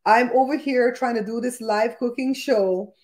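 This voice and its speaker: A woman's voice: on the high side, moderate pace, a little mellow. A woman from Belize, hosting a live cooking stream from her home kitchen and chatting upbeat with viewers, greeting them by name. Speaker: cooking show host. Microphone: laptop live stream with a microphone.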